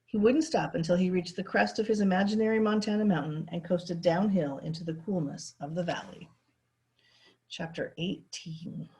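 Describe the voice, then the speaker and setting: A woman teacher reads a novel aloud in a steady, expressive storytelling voice. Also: fairly low pitch, brisk, hardly any pauses.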